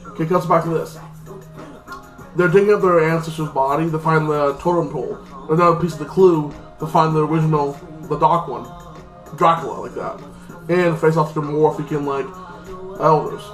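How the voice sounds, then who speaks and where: A man's voice: on the high side, fairly even intonation, brisk. Rambling man recapping a TV episode. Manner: rambling, constant "like" fillers. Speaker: TV episode reviewer. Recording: echoey room with faint music.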